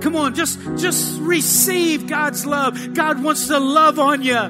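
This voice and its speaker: A man's voice: extremely high pitch, fairly even intonation, slow pace. A male pastor giving a fervent, pleading altar call and prayer with a repetitive preacher cadence. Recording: with music playing behind. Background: soft music.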